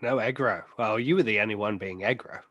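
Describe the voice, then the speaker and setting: A man's voice: fairly low pitch, a little fast, fairly bright tone, no room sound, dull audio. Man, australian accent, motorsport podcast host, teasing banter, dry close sound. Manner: chatty, teasing, reads sponsor plugs. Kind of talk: casual chat.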